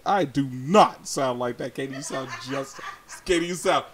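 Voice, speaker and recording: A man's voice: mid-range voice, moderate pace. A man chatting casually on a livestream, reading chat and teasing, laughing often.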